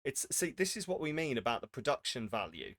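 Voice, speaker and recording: Young male streamer, bright tone, rambling and self-deprecating, casual desk-mic chat. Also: mid-range voice, very animated, brisk. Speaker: charity streamer. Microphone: desk microphone.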